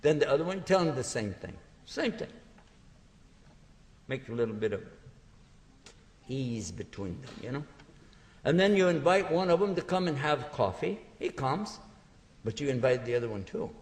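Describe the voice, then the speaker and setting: A man giving a religious lecture to an audience, telling stories in a lively way and acting out small dialogues. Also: mid-range voice, normal speed, long pauses. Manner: animated storytelling, acting out little dialogues. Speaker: Islamic lecturer. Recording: long hall reverb.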